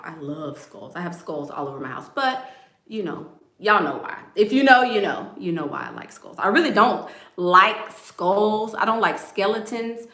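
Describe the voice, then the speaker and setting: A woman vlogger chats casually with her viewers, playful and talkative, calling them y'all. Her voice is fairly low and sharp, with a roomy sound.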